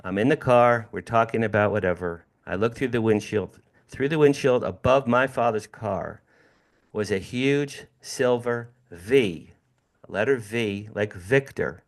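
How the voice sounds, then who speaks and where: A man in his sixties from New Jersey, a guest speaker telling a personal story in an animated way, repeating phrases and speaking directly to his audience. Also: medium pitch. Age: 60s.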